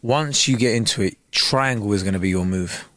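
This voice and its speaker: A man's voice: lowish voice, normal speed, fairly bright tone, dry recording. A man co-hosting a casual podcast, teasing and joking with his co-host. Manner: teasing, jokey, laughs.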